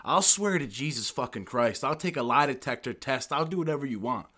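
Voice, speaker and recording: A man's voice: medium pitch, expressive, a little fast, pushed and bright. A young man from the United States, a guest on a podcast, telling stories in a brash, boisterous way full of swearing. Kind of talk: casual podcast storytelling.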